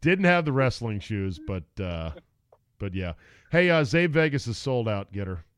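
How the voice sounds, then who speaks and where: A man's voice: medium pitch, moderate pace, clean tone, dry recording, clean studio sound. A middle-aged man hosting a podcast, telling stories in a casual, sarcastic way. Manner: animated storyteller, sarcastic. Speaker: podcast host. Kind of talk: casual chat.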